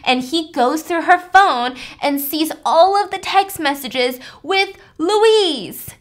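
Chatty high-voiced woman recapping a plot. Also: takes it slowly. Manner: animated, chatty, frequent "like". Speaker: podcast host.

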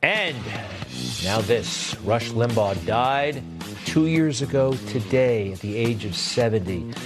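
A man's voice: mid-range voice, animated, takes it slowly, over music. A man hosting a commentary show, delivering a sarcastic, rambling opinion monologue between clips.

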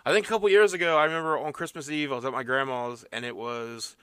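A man's voice: mid-range voice, fairly even intonation, fast talker, bright, forceful tone, a little hiss or hum. A middle-aged man co-hosting a casual podcast, laid-back and joking, with plenty of "uh" and "like". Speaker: podcast co-host.

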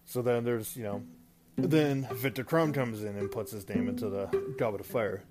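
A man's voice: mid-range voice, moderate pace. A man casually retelling a movie plot as a show host, rambling with fillers and restarts. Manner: rambling, many fillers and restarts, laughs at own stumbles. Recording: guitar music in background.

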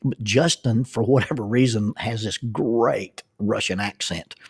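Husky-voiced man telling rambling stories. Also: fairly low pitch, measured pace. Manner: rambling, self-deprecating, frequent restarts. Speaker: storyteller. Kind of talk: personal storytelling monologue.

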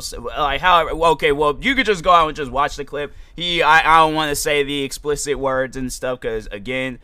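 Young man, podcast host, rambling casual monologue, slightly high voice, dry sound. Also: moderate pace, few pauses, bright, forceful tone, clean tone, dry recording. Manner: chatty, rambling, lots of fillers.

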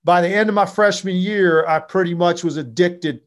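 Animated high-voiced man telling stories. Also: normal speed. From Virginia. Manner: animated, with frequent fillers. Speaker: interview guest, former basketball player. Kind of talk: casual interview storytelling.

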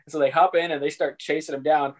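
A man's voice: fairly high pitch, fast talker. A man on a casual podcast, retelling a film's plot and acting out the characters' lines in put-on voices. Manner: animated, acts out characters' lines in put-on voices and laughs often. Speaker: podcast co-host. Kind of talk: casual chat retelling a film.

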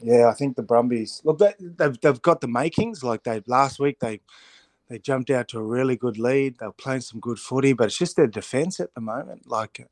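A middle-aged man, a rugby pundit on a weekly radio spot, telling stories in an animated way, laughing often and restarting his sentences. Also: medium pitch, moderate pace, no room sound. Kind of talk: casual radio chat.

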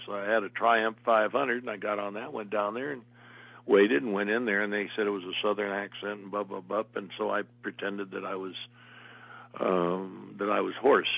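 Deep husky older man telling stories. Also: fairly even intonation, normal speed, no room sound, lo-fi sound. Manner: meandering anecdotal storyteller. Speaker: interview guest, actor. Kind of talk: casual interview storytelling.

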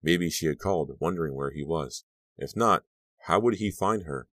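A male audiobook narrator with an extremely deep voice who tells the story in a measured, brooding way. The recording is dry and close, with no room sound. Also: a bit bright, no room sound. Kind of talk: scripted narration.

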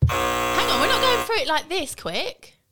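A woman's voice: very high voice, very animated, unhurried, over loud music. A woman co-hosting a podcast with her husband, teasing him and laughing often. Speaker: podcast co-host. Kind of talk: casual chat, teasing banter.

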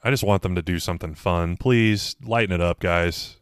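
A deep-voiced man with a smooth, resonant tone banters crudely as a podcast co-host. His voice is dry and close, with no room echo. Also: moderate pace. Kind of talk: casual chat.

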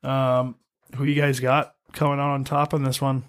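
A man's voice: mid-range voice, level tone, normal speed, clean tone. A young man hosting a casual hockey podcast, upbeat and chummy with his guests. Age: young adult. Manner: upbeat, chummy, laughs easily. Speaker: podcast host, college hockey player.

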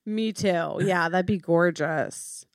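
A woman co-hosting a comedy podcast, playing along in an improvised scene with gasps and quick agreeing replies, on a close studio mic. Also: lowish voice, a crowd in the background. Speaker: podcast co-host.

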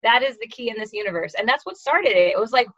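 A woman's voice: a little high, lively intonation, quick pace, fairly bright tone. Woman author from California, a guest who rambles and hunts for words, a bit dull and lo-fi. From La Jolla, California. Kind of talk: casual interview chat.

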